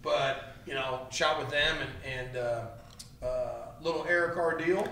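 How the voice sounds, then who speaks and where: A man hosting a podcast, telling lively anecdotes in a casual chat with many fillers. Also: mid-range voice, a little slow, slight background noise. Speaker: podcast host. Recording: echoey room, far from mic.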